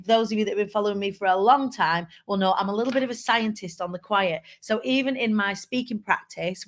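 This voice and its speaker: A woman hosting a live show, talking candidly and chattily to viewers and reading out their comments. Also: medium pitch. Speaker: live show host and speaker. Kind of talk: casual live-stream talk.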